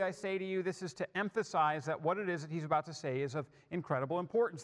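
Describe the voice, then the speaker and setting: A man delivers a sermon with a fairly high voice, leaning hard into key words and then sinking to near-hushed phrases. His voice rings with the long reverb of a large hall. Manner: emphatic, dropping to soft, hushed lines. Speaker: preacher.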